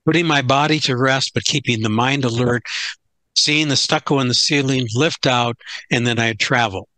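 Bright-voiced older man telling stories. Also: medium pitch, no room sound. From United States. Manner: halting, restarts phrases, candid. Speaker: guest speaker, philosophy professor. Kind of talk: conversational storytelling.

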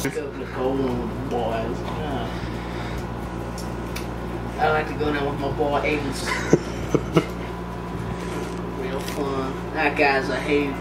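A man's voice: mid-range voice, flat delivery, takes it slowly, long pauses, lightly acted. A man playing a boozy, rambling backwoods hunter in an improvised comic interview, goofy and laughing a lot. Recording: distant echoey mic with loud traffic noise.

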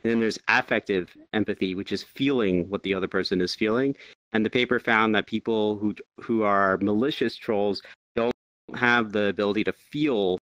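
A man hosting a casual panel discussion, measured as he explains research findings. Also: fairly low pitch, a bit bright, no room sound.

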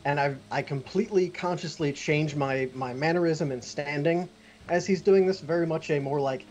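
A man playing a tabletop game, describing his character's actions in a halting way, repeating words. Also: a little high, a little mellow, muffled recording, slight background noise. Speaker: player.

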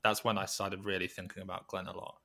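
A man with a low voice talks reflectively in a podcast interview. He speaks haltingly, circling back and restarting his sentences as he works through his thoughts. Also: little pitch movement, vocal fry, bright, forceful tone. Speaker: podcast guest, weightlifting coach.

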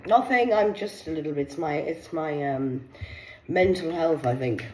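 A woman's voice: deep voice, moderate pace, a little mellow, a little hiss or hum, poor audio. A middle-aged woman, talking in a blunt, rambling, sweary casual monologue.

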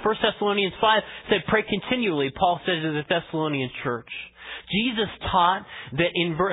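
A man preaching a sermon as pastor, conversational, swinging between emphatic lines and hushed asides. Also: sits high, husky. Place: church sanctuary. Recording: tinny phone-like church audio.

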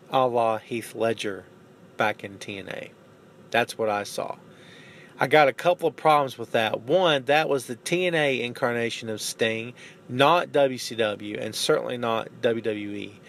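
A man hosting a podcast, giving casual, opinionated wrestling commentary in an animated way, often tagging sentences with "man" and "you know what I'm saying.". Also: a little high. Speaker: podcast host.

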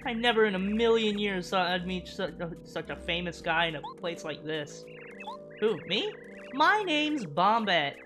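A woman reading the lines of a spunky, defiant young female bomb creature from a game, lively and at times shouting in outrage. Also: mid-range voice, measured pace. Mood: friendly. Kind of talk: reading game dialogue aloud. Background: game music.

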